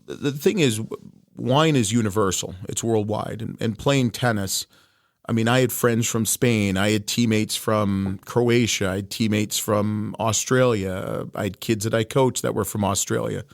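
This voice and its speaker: A man's voice: lowish voice, measured pace, gravelly, dry recording, studio quality. A middle-aged man from Canada with a Canadian accent, a guest chatting casually and telling stories with restarts and asides. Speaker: guest, wine distributor. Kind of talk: casual interview chat.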